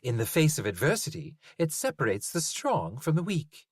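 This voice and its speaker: A reader voicing a gentle, wistful grown man in an audiobook. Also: mid-range voice, sing-song, normal speed, slightly rough, dry recording, pitched above the performer's own voice. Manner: soft and wistful. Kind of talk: audiobook character voice.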